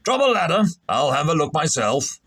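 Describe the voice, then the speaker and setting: A man's voice: fairly high pitch, big pitch swings, moderate pace, fairly bright tone, breathy edge, exaggerated voice. A man voicing an irritable, pompous naval captain who barks orders in a brusque, blustering way.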